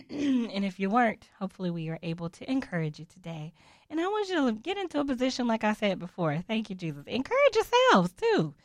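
A woman's voice: fairly high pitch, wildly swooping pitch, a little fast, no echo, clean studio sound. A woman hosting a devotional podcast, giving a casual, upbeat, encouraging talk with playful asides. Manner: chatty, upbeat, playful asides and mock voices.

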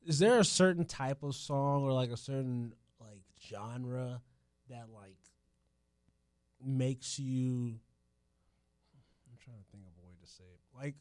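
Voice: medium pitch, slow, pauses often, a little mellow, clear, resonant tone, dry recording. A speaker in casual chat, asking a question hesitantly and searching for words.

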